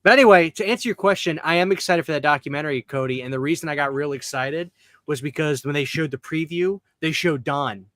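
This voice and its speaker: A man's voice: on the high side, fast talker, a bit bright, dry recording. A man hosting a podcast in casual chat, ranting bluntly and emphatically with plenty of profanity. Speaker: podcast host.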